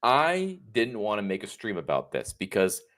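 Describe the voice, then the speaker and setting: A man in his thirties with a very low, deep voice hosts an unscripted livestream. He rambles from thought to thought and slips in dry jokes as he goes. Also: huge pitch swings, moderate pace, fairly bright tone. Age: 30s. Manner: rambling, joking, off-the-cuff. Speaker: livestream host.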